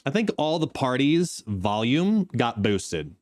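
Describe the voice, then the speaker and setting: A man's voice: medium pitch, sing-song, takes it slowly, darkish tone. A man streaming a game live, sleepy and yawning, chatting casually with viewers by name and talking to his dog.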